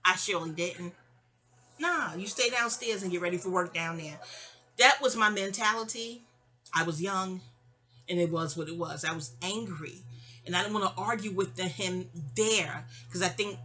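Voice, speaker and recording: A woman, telling a personal story in an animated, digressive, sassy way. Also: fairly low pitch, normal speed. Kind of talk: casual storytime monologue.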